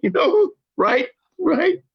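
Animated older man, high lively storyteller. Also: slow, creaky. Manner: animated, profane, acts out quoted voices. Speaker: podcast guest, actor. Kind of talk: casual storytelling. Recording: dull lo-fi sound.

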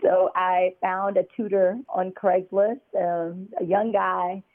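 Guest on a phone-quality line, chatty and filler-heavy, average pitch. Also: level tone, slow pace. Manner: loose, filler-heavy speech with many "like" and "you know". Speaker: interview guest. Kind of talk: casual conversational storytelling. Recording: tinny phone-line audio.

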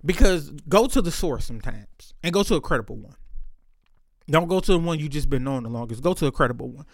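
A man's voice: on the high side, expressive, fast, no room sound, studio quality. A man telling stories in a casual monologue, talking candidly and swearing freely as he goes. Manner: candid, profane, and loose, with frequent swearing.

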